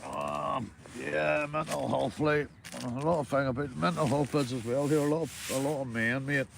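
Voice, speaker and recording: A man's voice: medium pitch, fairly even intonation, moderate pace, gravelly, slight background noise. A Northern Irish man chatting casually to livestream viewers while fishing, easygoing and full of banter, swearing freely and calling everyone mate. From Northern Ireland. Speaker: livestreaming angler.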